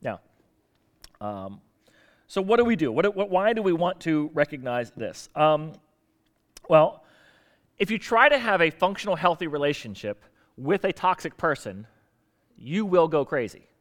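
A man's voice: fairly high pitch, sing-song, unhurried, pauses often. A man preaching a conversational sermon, emphatic, with rhetorical questions and repetition.

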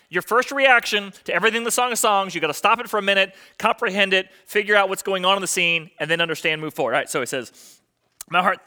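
A man's voice: high voice, sharp tone. A male pastor preaching a sermon, emphatic and repeating his key phrases for effect.

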